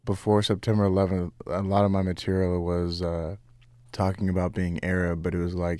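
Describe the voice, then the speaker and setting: A young man with a very deep voice talks through his stand-up material as an interview guest. He is animated and laughs easily between lines. The sound is close and dry, with no room around it. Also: no room sound. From United States. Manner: animated, quick to laugh, restarts. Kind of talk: casual interview, telling jokes from his act.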